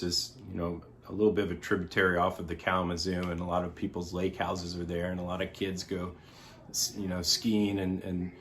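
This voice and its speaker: Middle-aged man, low-voiced, rambling explainer. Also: fairly bright tone, slight background noise. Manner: rambling, pauses often to restate himself. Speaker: local resident presenting a trail plan. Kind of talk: informal spoken presentation.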